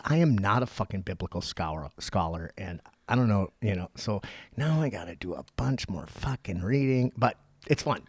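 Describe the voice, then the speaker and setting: A man co-hosting a podcast, telling stories in casual, profane, animated chat. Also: on the low side, normal speed, slightly rough, no echo. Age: young adult. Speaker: podcast co-host.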